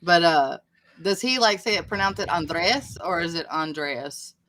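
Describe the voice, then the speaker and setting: A woman co-hosting a casual live stream, chatting and reading aloud, quick to exclaim. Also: on the low side, expressive, a bit bright. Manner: chatty, reacts with laughs and exclamations. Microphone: video call.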